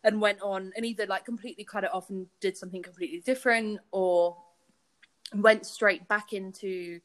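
Animated, chatty young woman host. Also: medium pitch, moderate pace. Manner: animated, chatty, laughs often. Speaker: podcast host. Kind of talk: casual chat between friends. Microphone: remote call app.

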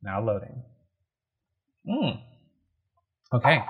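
A man's voice: lowish voice, moderate pace, fairly bright tone, soft background music. A man streaming a game playthrough, chatting in a wry, easily amused way at a desk mic. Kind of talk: casual live game playthrough commentary. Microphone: webcam setup with desk mic.

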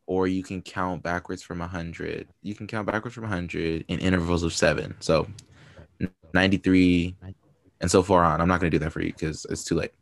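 A man's voice: deep voice, steady tone, normal speed, vocal fry, dry recording. A man co-hosting a podcast, giving frank, supportive advice in casual chat full of fillers. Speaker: podcast co-host.

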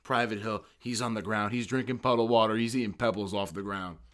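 A man, an army veteran, telling profane, animated stories in a casual chat. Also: lowish voice, brisk.

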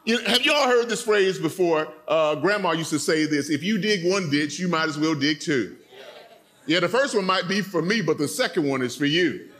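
Man, guest preacher, high voice, animated storytelling sermon, church. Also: normal speed. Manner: animated, playful retelling with voiced characters and audience call-outs.

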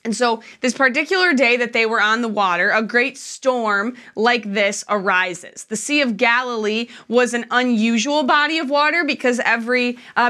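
A woman's voice: a little high, sharp tone, clean tone. A woman preaching a sermon in a church, telling the story in a chatty, conversational way with frequent fillers.

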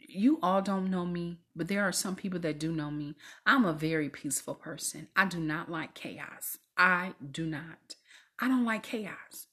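A woman hosting a faith-based podcast, speaking in a preachy, exhorting way and often dropping into soft whispers. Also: lowish voice, husky. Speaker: podcast host.

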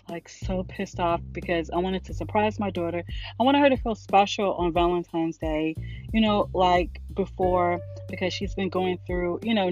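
A middle-aged woman hosting a podcast, talking in a casual, rambling monologue that is emotional and often broken by laughter. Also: lowish voice. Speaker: podcast host. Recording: dull lo-fi recording, faint music.

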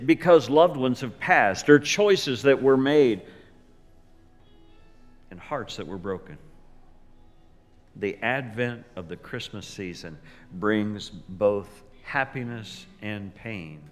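A male pastor preaching a sermon, slow and deliberate, swinging from loud emphasis to near whispers. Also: mid-range voice, soft background music. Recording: long reverb of a large hall.

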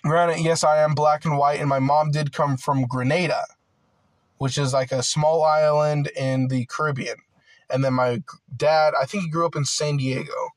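A man's voice: fairly high pitch, steady tone, moderate pace, dry recording, low-quality recording. A young man ranting in a casual monologue, heated and aggrieved, swearing often and stumbling over fillers and restarts. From United States. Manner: profane, rambling, filler-heavy with many "like"s and restarts.

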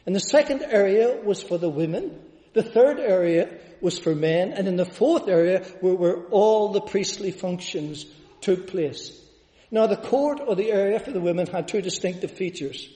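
A man preaches in a high, mellow voice, chatty and fond of rhetorical questions. His voice rings out with a long reverb, as if recorded in a large church hall. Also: lively intonation, moderate pace. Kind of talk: sermon.

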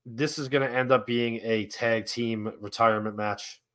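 A man's voice: medium pitch, steady tone, normal speed, fairly bright tone. A man co-hosting a podcast in casual chat, teasing and asking playful questions. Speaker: podcast co-host.

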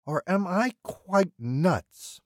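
A man putting on a soft-spoken, unhinged male killer who lifts his voice above the narrator's own and lets it wander up and down. He draws his words out with mannered, threatening precision. The audiobook recording is dry and close. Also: high voice, animated, very slow, no room sound, pitched above the performer's own voice, heavily acted. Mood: menacing. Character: calm, menacing male killer, polite and unhinged. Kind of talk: audiobook character voicing.

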